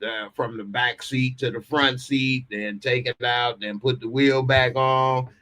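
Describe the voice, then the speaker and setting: A man's voice: mid-range voice, flat delivery, measured pace, bright, forceful tone. A man hosting a live call-in podcast, telling a comic story with frequent laughter and acted-out voices. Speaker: podcast host.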